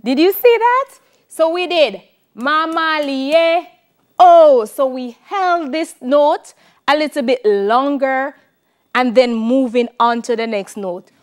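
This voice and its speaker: High-voiced Jamaican woman teaching a song. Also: takes it slowly, background noise. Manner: chanting syllables and clapping rhythms. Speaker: music teacher. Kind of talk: televised classroom lesson.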